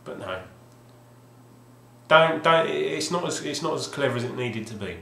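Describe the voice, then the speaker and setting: A man's voice: fairly high pitch, expressive, normal speed, gravelly, pushed and bright, slight background noise. A man vlogging about his video game finds, rambling hesitantly with wry asides and frequent restarts. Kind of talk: rambling casual monologue. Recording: roomy echoey home recording.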